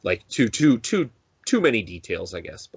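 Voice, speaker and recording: Deep-ish guy podcast cohost, rambles, restarts a lot, dead dry muffled mic. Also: very animated, normal speed, gravelly, breathy edge, no room sound. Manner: rambling, many restarts, acts out quoted lines. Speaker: podcast co-host. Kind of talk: casual chat.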